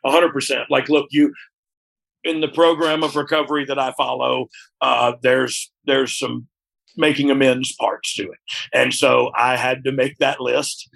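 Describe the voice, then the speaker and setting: A deeply gravelly man with a rough, husky edge speaks openly as an interview guest. He is frank and reflective, and he keeps checking in with the listener as he goes. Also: level tone, a little slow, a bit bright. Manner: frank and reflective, often asks "you know what I mean?". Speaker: interview guest, former wrestler. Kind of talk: candid conversational interview.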